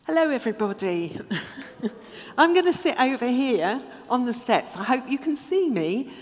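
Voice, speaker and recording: Woman, children's talk leader, slow friendly coaxing delivery; church with long reverb. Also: on the high side, very animated.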